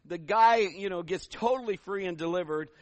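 A middle-aged man preaching a sermon as pastor, telling stories and acting out voices, building to loud emphatic peaks. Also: high voice, moderate pace, dry recording.

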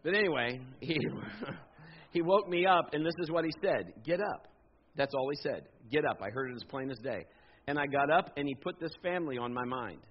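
A man in his fifties preaching a sermon, telling a personal story in an animated, jokey way and acting out the voices. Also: on the high side, a little fast. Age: 50s. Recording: dull lo-fi sound.

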